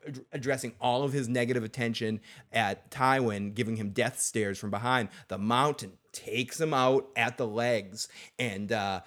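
A man's voice: medium pitch, normal speed, hardly any pauses. A man on a podcast casually recapping a TV episode, telling it with energy, swearing and acting out scenes. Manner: animated storyteller, swears, acts out scenes. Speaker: podcast co-host.

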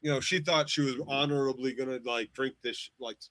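Excitable male co-host, dry close sound. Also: mid-range voice, fairly quick, no echo. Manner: excitable, stumbling restarts. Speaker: podcast co-host. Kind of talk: casual chat.

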